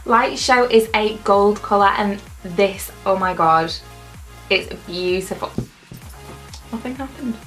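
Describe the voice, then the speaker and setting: A woman's voice: a little high, a bit bright. A young woman narrating a makeup tutorial in a bubbly, gushing, chatty way. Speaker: makeup vlogger.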